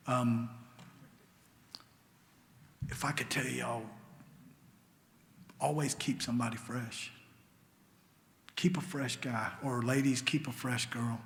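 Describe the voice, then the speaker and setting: A gravelly, fairly bright, medium-pitched male voice speaks at a steady, measured pace with frequent pauses. He's an AA meeting speaker sharing an earnest, emotional recovery story in a church hall, sinking to a near whisper at tender moments, with long hall reverb and faint ambient noise behind him.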